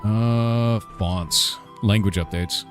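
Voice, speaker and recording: A man's voice: lowish voice, extremely slow, soft background music. A game developer in his forties, chatting casually on a live stream, ranting and swearing with lots of "like" and "dude". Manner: ranting, profane, repeats "like" and "dude".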